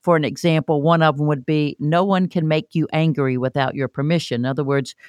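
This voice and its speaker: A podcast host leads a relaxed conversation, often pausing to reflect on the guest's points and sum them up. The voice sits at a middle pitch and sounds dry and close to the mic. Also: dry recording.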